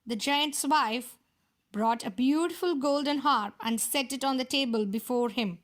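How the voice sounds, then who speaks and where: A woman reading a fairy tale aloud for children in a steady storytelling manner. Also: sits high, a little slow.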